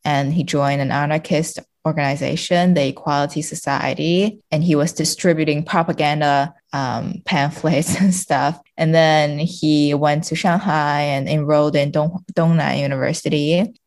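A woman's voice: sits low, steady tone, moderate pace, hardly any pauses, darkish tone. A woman from China, a guest on a podcast, talking casually with lots of fillers and restarts. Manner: chatty, many fillers and restarts, laughs often.

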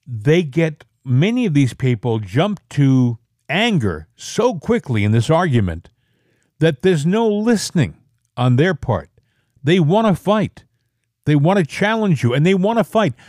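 A man's voice: very animated, a little slow, a little mellow, no echo, clean studio sound. A man co-hosting a political talk show, giving emphatic opinions in a casual chat style. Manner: opinionated, emphatic, pushes pitch up when stressing a point. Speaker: co-host.

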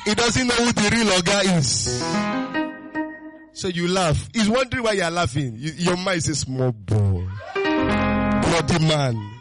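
A man preaching a sermon as pastor, exuberant and full of repeated calls and sudden shouts. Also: sits high, expressive, a little slow, loud music behind the voice.

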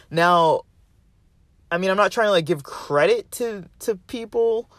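A man's voice: sits high, a little slow, pauses often, a bit bright, dry recording. A man telling a long, rambling story in a casual monologue, full of "like" and "um", sounding exasperated. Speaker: vlogger ranting about a roommate.

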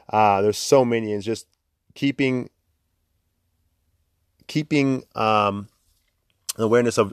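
A man's voice: fairly low pitch, no echo. Man, young, podcast host, chatty, laughing, dry recording. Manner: chatty, laughs often, many "like" fillers. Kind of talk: casual motivational talk.

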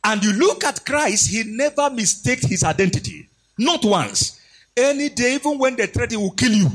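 A man preaching a sermon in a husky voice, emphatic and animated, repeating lines for stress. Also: extremely high pitch, moderate pace.

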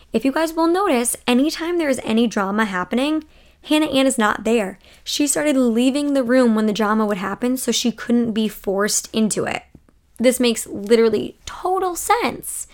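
Sleepy, sassy young woman podcaster. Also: a little high. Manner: gushing, opinionated, sassy. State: sleepy, yawning late at night. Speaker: podcast host. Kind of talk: casual chatty TV recap.

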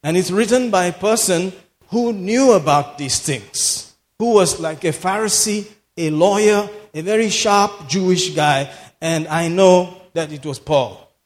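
A man's voice: sits high, unhurried. A man preaching a sermon in a church, emphatic, repeating phrases for effect and laughing often. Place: church hall. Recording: long hall reverb.

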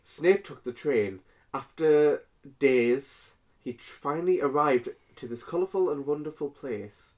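A man's voice: a little high, a little mellow. Man stumbling through a read-aloud. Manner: halting, stumbling over words. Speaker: fan fiction reader. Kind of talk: casual comedic reading aloud.

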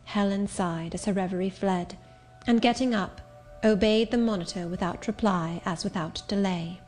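A woman narrates an audiobook in a clear, measured and literary way. Her voice sits at a middle pitch, and faint music plays softly underneath. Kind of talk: scripted narration.

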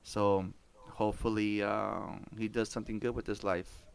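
A man, telling family stories on his podcast in a casual, animated way, swearing and laughing often. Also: lowish voice, moderate pace, creaky, smooth. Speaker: podcast host. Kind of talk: casual storytelling chat.

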